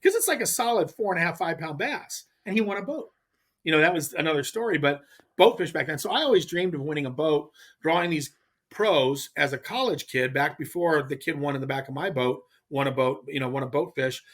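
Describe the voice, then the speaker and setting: A middle-aged man from California, a podcast guest telling a fishing story in a casual, animated way with frequent restarts. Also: fairly high pitch, a little fast. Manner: animated, acts out others' lines, frequent restarts. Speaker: podcast guest, pro angler.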